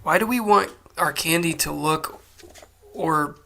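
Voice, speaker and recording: A man's voice: a little high, a little slow, creaky, sharp tone, slight background noise. A man co-hosting a podcast in casual chat, tossing off wry one-liners. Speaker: podcast co-host.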